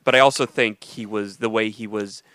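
A man's voice: lowish voice, fairly even intonation, moderate pace, fairly bright tone, smooth, no room sound. An American man co-hosting a podcast, chatting casually in a rambling, easygoing way, laughing often. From United States. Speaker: podcast co-host. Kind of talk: casual chat. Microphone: studio mic at a soundboard.

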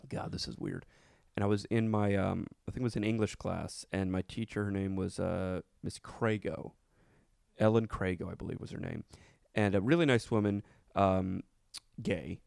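Gravelly low-voiced man joking. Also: fairly even intonation, normal speed, a little mellow, no echo, clean studio sound. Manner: joking, storytelling, acts out voices. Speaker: podcast co-host. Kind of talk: casual crude comedy chat.

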